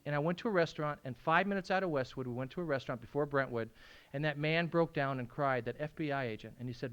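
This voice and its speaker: Emotional high-voiced man telling his story. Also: fast, clear, resonant tone, muffled recording. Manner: emotional storytelling, swings from hushed to shouting, laughs often. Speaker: AA speaker. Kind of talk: recovery meeting share. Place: meeting room at a school.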